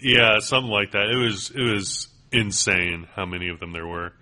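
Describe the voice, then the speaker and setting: A man co-hosting a podcast in casual chat, an excitable storyteller who piles up fillers and restarts. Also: lowish voice, moderate pace. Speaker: podcast co-host.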